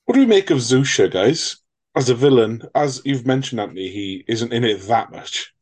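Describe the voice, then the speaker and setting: A man's voice: medium pitch, expressive, normal speed, a little mellow. A man co-hosting a film podcast, rambling jokily through tangents and swearing freely in casual chat. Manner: rambling, jokey, swears freely, breaks into mock voices. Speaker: podcast co-host.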